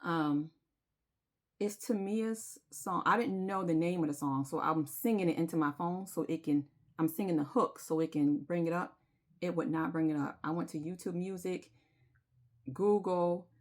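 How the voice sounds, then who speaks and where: A woman's voice: lowish voice, moderate pace, darkish tone. A woman, telling her viewers a personal story in a confiding, emotional way and singing bits of a chorus. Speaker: spiritual vlogger.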